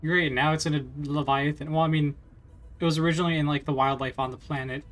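A man's voice: a little high, flat delivery, fast talker, fairly bright tone. A man chatting casually while playing a video game, rambling with fillers and small laughs. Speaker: let's play host. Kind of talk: casual gameplay commentary.

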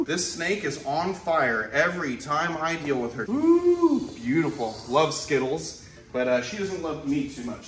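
A man's voice: medium pitch, fairly bright tone, slight background noise. A young man hosting a wildlife vlog, narrating casually as he works with animals and cooing to them in baby talk. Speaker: wildlife keeper and vlog host.

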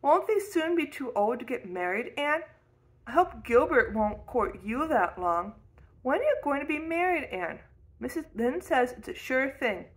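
A woman's voice: high voice, big pitch swings, measured pace, voice pushed up. A woman voicing a blunt, chatty nine-year-old boy in a storybook reading. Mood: curious. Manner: chatty, curious, cheerfully outspoken.

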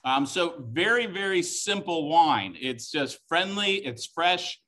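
Bright-voiced chatty wine tasting host. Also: male voice, fairly high pitch, animated, takes it slowly. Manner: chatty, joking, enthusiastic. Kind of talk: live-streamed wine tasting class.

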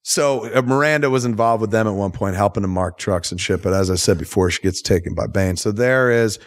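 A man hosting a podcast, recapping a film in a loose, profane, animated storytelling way. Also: fairly low pitch, brisk. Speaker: podcast host. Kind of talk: casual movie recap chat.

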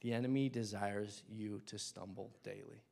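Casual young guy preaching in church, fired up, goes loud then drops quiet. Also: on the low side, fairly even intonation, normal speed, creaky. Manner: impassioned, swings between loud bursts and hushed asides. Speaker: lay preacher. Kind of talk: sermon.

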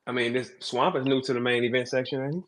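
A man's voice: medium pitch, steady tone, fast, slight background noise. A man hosting a casual talk show, taunting and mocking someone in profane slang. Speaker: show host. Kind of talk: casual trash-talk commentary.

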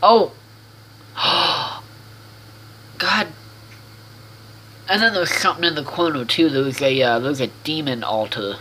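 Bright-voiced man narrating his gameplay. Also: on the high side, slow, long pauses, a little hiss or hum, rough recording. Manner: rambling self-talk with frequent restarts and swearing. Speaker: gaming video host. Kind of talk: casual let's-play commentary.

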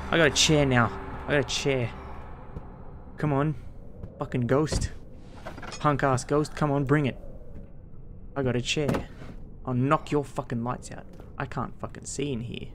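A man giving casual let's-play commentary, swearing a lot, excitable, and talking to himself as he plays. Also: mid-range voice, slow pace, long pauses, background noise. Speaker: gameplay streamer.

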